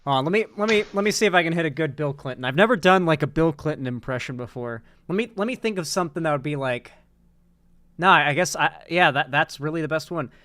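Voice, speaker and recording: A man's voice: on the high side, quick pace, sharp tone. A man hosting a casual online commentary show, rambling loosely with lots of restarts and casual swearing. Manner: rambling, many restarts and fillers, swears freely. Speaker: political commentary host.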